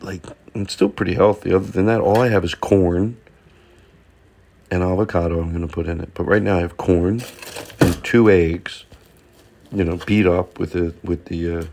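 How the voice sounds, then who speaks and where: In a home kitchen, a man chats casually about his cooking while he eats, rambling, joking, and cutting himself off, all captured on a propped-up phone. His voice is low and a little mellow, with fairly even intonation, vocal fry, and a normal speed. There's slight background noise.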